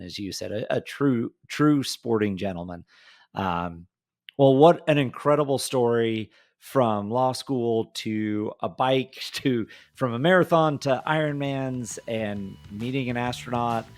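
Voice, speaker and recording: A man hosting a podcast interview, chatty and casual, often hunting for his words with fillers. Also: mid-range voice. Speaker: podcast host.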